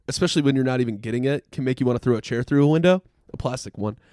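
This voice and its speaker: A man's voice: medium pitch, very fast, no echo, clean studio sound. A young man in casual podcast banter, telling rowdy stories with lots of swearing. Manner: profane, animated storyteller. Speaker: podcast co-host.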